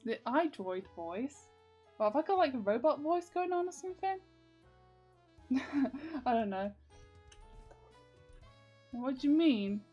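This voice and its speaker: A woman's voice: fairly high pitch, darkish tone, muffled recording. A young woman vlogging in casual, rambling chat, full of fillers and giggles.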